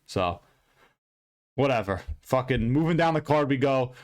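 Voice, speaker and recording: A man hosting an MMA recap channel, ranting loudly and profanely in an unscripted, rambling way. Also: medium pitch, animated, unhurried. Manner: loud, profane, heated and emphatic; rambling with frequent restarts and fillers. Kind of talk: unscripted fight recap rant.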